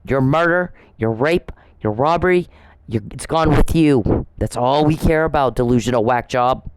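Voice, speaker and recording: A woman's voice: extremely low pitch, normal speed, darkish tone, smooth, low-quality recording. A woman hosting her own channel, delivering an angry, profane, accusatory rant straight at the person she blames, hammering the same insults again and again. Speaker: channel host. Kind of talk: angry direct-address rant.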